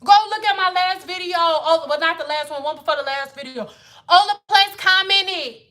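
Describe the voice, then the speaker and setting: A woman's voice: very high-pitched, normal speed, sharp tone. A woman hair care educator talking to viewers on a casual livestream, blunt and exasperated, with a lot of swearing. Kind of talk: casual livestream lesson and rant.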